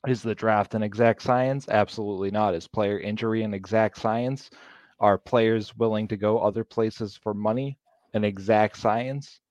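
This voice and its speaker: A man's voice: fairly low pitch, steady tone, a little mellow, no echo. A man co-hosting a football podcast in casual chat, emphatic and opinionated. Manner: emphatic and opinionated, quick to laugh. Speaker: podcast producer and co-host.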